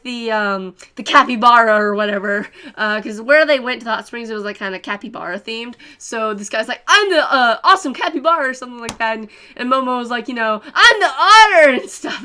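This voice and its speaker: A woman's voice: on the high side, pushed and bright. A young woman giving a casual, rambling anime review, full of fillers and giggles.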